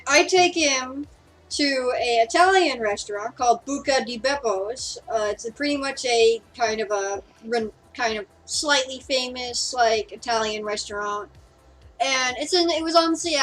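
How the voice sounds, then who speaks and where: A woman's voice: a little high, a bit bright, poor audio. A young woman from Seattle chatting casually, rambling with lots of fillers and swearing. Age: young adult. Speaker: podcast co-host. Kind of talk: casual chat.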